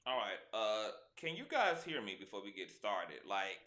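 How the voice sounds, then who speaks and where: A man's voice: on the low side, big pitch swings, normal speed, hardly any pauses, bright, forceful tone. A man hosting a casual livestream, blunt and profane, talking straight to his viewers through a cheap desk microphone. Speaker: livestream host. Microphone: cheap desk mic.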